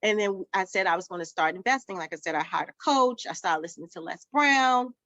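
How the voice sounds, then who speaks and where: Speaking a little fast in a mid-range voice, a childcare business owner answers interview questions at a summit with animated stories, voicing the characters' lines herself. The lo-fi audio is dull and dry, with no room sound.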